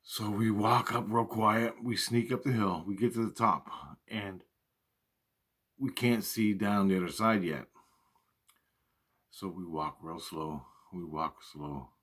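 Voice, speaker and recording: A man's voice: fairly low pitch, steady tone, slow, fairly bright tone, slightly rough. A man telling a personal story in a casual, rambling way, with lots of swearing and repeated phrases. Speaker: storyteller recounting personal experiences.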